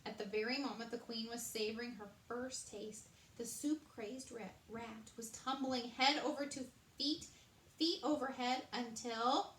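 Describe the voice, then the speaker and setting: A woman reading a children's story aloud in an animated way, adding chatty asides to her listeners, in a roomy space. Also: fairly high pitch, a little slow, slight background noise. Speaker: storybook reader. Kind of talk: read-aloud narration with commentary. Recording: roomy echo.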